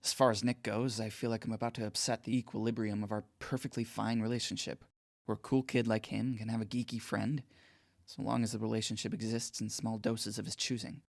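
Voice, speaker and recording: A nervous teen boy, audio drama narrator, self-deprecating, low, gravelly. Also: little pitch movement, brisk, dry recording, studio quality. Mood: anxious. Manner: self-deprecating, inward, anxious. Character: anxious, awkward teenage boy, shaken and numb.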